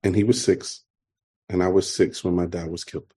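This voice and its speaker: A middle-aged man from New York with a New York accent, telling his recovery story to a meeting in an earnest, halting way. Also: deep voice, level tone, dark tone. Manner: earnest, halting, repeats himself. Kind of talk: personal testimony talk.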